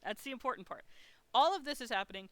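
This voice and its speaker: A woman's voice: fairly high pitch, lively intonation, quick pace, a bit bright, dry recording. A woman live-streaming her art, telling a story in a chatty, frank way and swearing freely.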